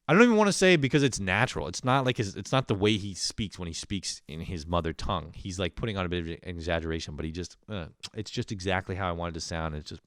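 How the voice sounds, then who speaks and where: A man's voice: low voice, fast, hardly any pauses, a bit bright, no echo, clean studio sound. A man hosting a comedy podcast, telling rambling, profane stories in a casual monologue and laughing at his own jokes. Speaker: podcast host.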